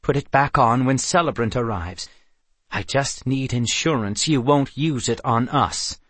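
A man voicing a firm, commanding dark unicorn. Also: mid-range voice, measured pace, slightly rough, dry recording. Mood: curt. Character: dark unicorn in man's form, cold and controlling. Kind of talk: audiobook character voice.

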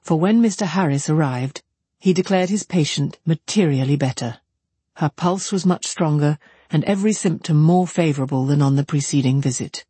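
A narrator giving a measured, even reading of a classic novel. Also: medium pitch, breathy edge, no echo. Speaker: audiobook narrator.

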